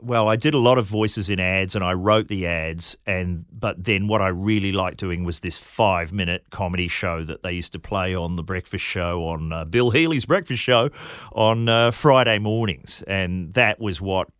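A man's voice: low voice, moderate pace, a bit bright, no room sound, clean studio sound. A man from New Zealand whose accent wavers between Kiwi, Australian and English, telling anecdotes with frequent laughs. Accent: mixed New Zealand and Australian, drifting English. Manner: laughs often, self-deprecating anecdotes. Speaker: guest, comedian. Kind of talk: casual interview storytelling.

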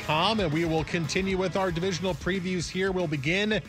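A man's voice: high-pitched, fairly even intonation, fairly quick, music in the background. A man hosting a sports radio show, talking casually and rambling through thoughts with restarts.

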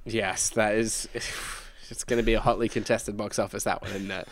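A man's voice: fairly low pitch, flat delivery, moderate pace. A man hosting a casual video game podcast, upbeat and teasing, laughing often. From Australia. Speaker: podcast host.

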